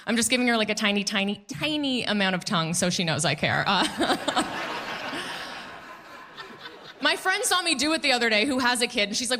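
A woman performing stand-up comedy into a handheld stage mic. Her voice is bright and sits a little high, and her delivery is animated, with quick laughs between punchlines and quotes she acts out. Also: slight background noise. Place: comedy club stage with audience.

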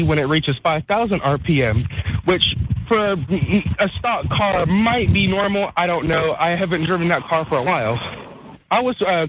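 A man's voice: on the high side, fairly bright tone. A man calling a radio show, out of breath and hesitant, with lots of fillers. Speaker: caller. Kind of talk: phone call to radio show. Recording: phone line with faint noise.

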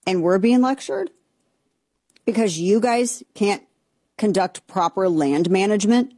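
A woman's voice: medium pitch, expressive, a little slow, long pauses, slightly rough, no echo. Exasperated woman ranting on air. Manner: exasperated, rambling, with restarts and sharp outbursts. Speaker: commentary show host. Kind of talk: opinionated political commentary.

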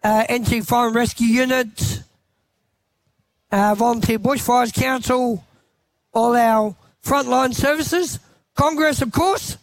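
High-voiced Australian radio co-host. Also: male voice, fairly even intonation, no room sound, poor audio. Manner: agreeable, quick to chime in. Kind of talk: casual outside-broadcast chat. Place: shed at an outdoor showground.

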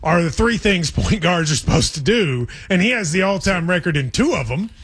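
A man hosts a sports radio segment, ribbing his co-host in playful chat. His voice sits notably high for a man. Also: big pitch swings, normal speed, fairly bright tone, husky. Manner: teasing, playful. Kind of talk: casual sports talk.

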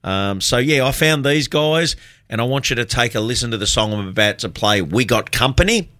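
Australian man, community radio host, chatty and rambling, bright forceful tone, dry studio sound. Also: mid-range voice, expressive, normal speed, no room sound. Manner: rambling, self-deprecating, chatty. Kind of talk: casual radio chat.

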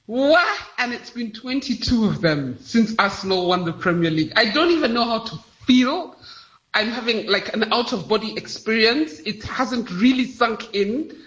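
A woman, from Kenya, an excited football fan exclaiming in delight. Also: a little high, moderate pace. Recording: dull, echoey remote line.

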